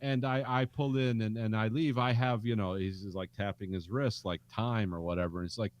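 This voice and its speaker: A man's voice: on the low side, fairly even intonation, fairly quick, hardly any pauses. A man co-hosting a casual chat, telling blunt, wry stories and slipping into impressions. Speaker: podcast co-host.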